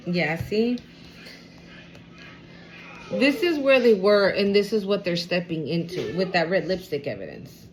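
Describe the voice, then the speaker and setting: Animated, swearing woman reading tarot. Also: lowish voice, a little slow, long pauses, background noise. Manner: animated, expressive, swears freely, talks aloud to spirit. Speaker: tarot card reader. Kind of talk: casual tarot reading to camera.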